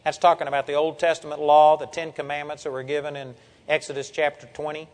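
A man's voice: on the high side, level tone, quick pace, darkish tone. Older man preaching, long hall reverb. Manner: earnest, emphatic Bible teaching with scripture reading. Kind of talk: sermon.

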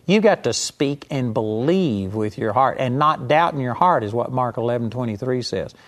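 A man preaching a sermon, emphatic, slowing down to stress each scripture quote. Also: mid-range voice, animated.

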